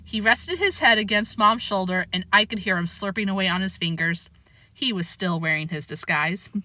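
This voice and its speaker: A woman reading a children's novel aloud in a lively, expressive storytelling voice. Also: mid-range voice, moderate pace, dry recording.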